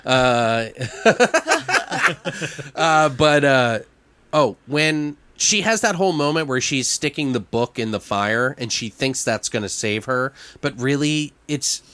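A man chatting casually about a horror film, animated and swearing freely, with many fillers. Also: mid-range voice, slow pace, slight background noise. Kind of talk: casual movie discussion.

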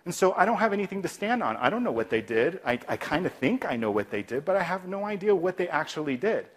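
A man giving an instructional talk on de-escalation as a clinician, lively and often dropping to a soft, calm voice to act out replies. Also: high-pitched, fast.

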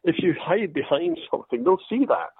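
Over a dry, tinny line that sounds like a phone, an older Scottish actor swaps showbiz anecdotes in an interview chat, mocking himself and doing lively voices for the people he quotes. His husky voice is fairly high-pitched and fairly quick, with no echo.

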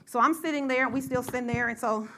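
A middle-aged woman preaching a sermon and telling a personal story, in a lively call-and-response style that rises to shouts. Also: fairly high pitch, quick pace, a little hiss or hum.

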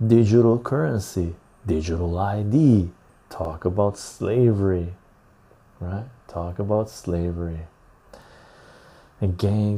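Calm gravelly-voiced man. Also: low-pitched, slight background noise. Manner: calm, unhurried, swears freely, laughs often. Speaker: podcast host reading live chat. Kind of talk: casual livestream chat.

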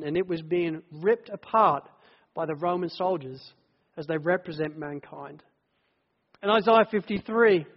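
A man preaching a sermon in a church, telling the story vividly and earnestly. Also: high-pitched. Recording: dull echoey church hall.

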